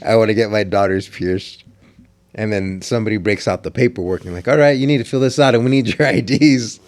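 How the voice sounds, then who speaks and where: A man's voice: lowish voice, brisk. A man who works at a piercing shop, casually telling an anecdote and chuckling often. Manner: chuckling, loose storytelling with quoted voices. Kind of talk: casual storytelling chat.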